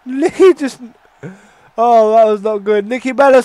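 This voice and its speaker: Young man, high voice, excitable, profane, game commentary with sudden outbursts. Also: moderate pace, no echo. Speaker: gaming channel host. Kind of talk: casual play-by-play game commentary.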